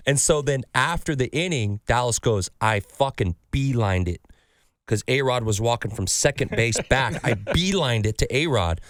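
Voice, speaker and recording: A male podcast host tells stories in an animated, swearing, casual style. His pitch sits in a middle range. The studio sound is dry and close. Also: normal speed, dry recording. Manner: animated storyteller, swears freely, acts out quotes. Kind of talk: casual sports card chat.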